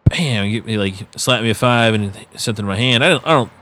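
A man's voice: mid-range voice, fast, a little hiss or hum. A man telling stories about working club doors in a casual late-night chat, acting out quotes as he goes. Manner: animated storyteller, acts out quotes, swears casually. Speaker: podcast guest, former bouncer.

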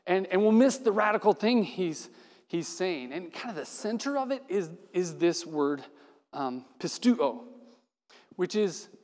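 A man preaching a sermon in a conversational, animated way, acting out the quoted dialogue. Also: high voice, a little slow. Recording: long hall reverb.

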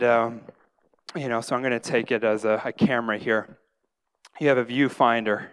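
A man's voice: medium pitch, smooth. A middle-aged man giving a casual sermon, acting out stories of his own prayers and often tagging sentences with "right?". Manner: animated storyteller, acts out his own prayers, tags lines with "right?". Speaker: pastor.

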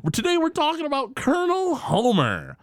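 A man's voice: very high-pitched, wildly swooping pitch, fairly quick, dry recording. Chatty podcast guy, voice jumps all over, lots of uhs, dry mic. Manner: chatty, many fillers. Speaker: podcast co-host. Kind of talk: casual chat.

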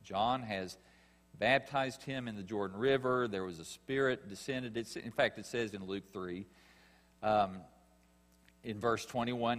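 A man preaching a sermon, earnest and emphatic, pausing and rising in stress as he reads scripture. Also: fairly low pitch, a bit bright, long reverb tail. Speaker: pastor.

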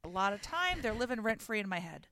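A woman's voice: mid-range voice, sing-song, fast, pushed and bright, dry recording. A woman co-hosting a podcast in casual chat, joking playfully. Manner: joking, playful, does voices. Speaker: podcast co-host.

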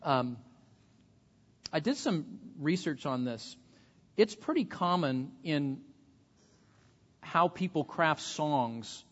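A man's voice: on the high side, sing-song, takes it slowly, long pauses, big-room sound, dull audio. A man preaching a sermon as pastor, earnest, often repeating words as he starts a sentence.

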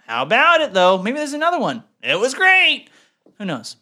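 A man's voice: extremely high pitch, wildly swooping pitch, moderate pace, bright, forceful tone. A man co-hosting a podcast, chatting casually and joking, laughing often. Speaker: podcast co-host. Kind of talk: casual chat.

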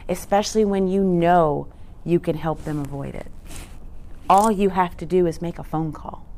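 A woman's voice: on the low side, creaky, a little mellow. A woman presenting a teaching talk in an earnest, conversational way, often asking rhetorical questions. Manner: conversational, frequent rhetorical "right?"; earnest, emphatic.

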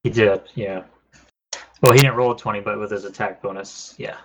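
A man's voice: on the low side, steady tone, a little fast, a bit bright, muffled recording. A man acting as game master in a tabletop game, calling rolls and enemy moves in a matter-of-fact way. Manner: matter-of-fact rules calls.

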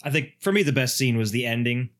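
A man talking casually with friends about a horror film, relaxed and offhand, swearing now and then. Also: mid-range voice, fast. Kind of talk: casual movie review chat.

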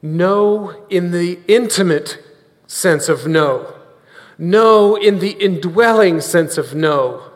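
A man's voice: sits high, slow, long reverb tail. A man preaching a sermon, earnest, leading the congregation in repeating lines after him.

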